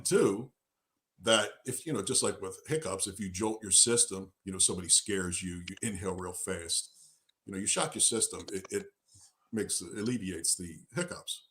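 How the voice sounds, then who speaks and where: A man co-hosting a casual live talk show, with a forceful, bright tone set slightly low. He tells stories with lots of animation and jokes, and he argues his points with emphasis. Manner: animated storyteller, joking, emphatic. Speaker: co-host. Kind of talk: casual chat.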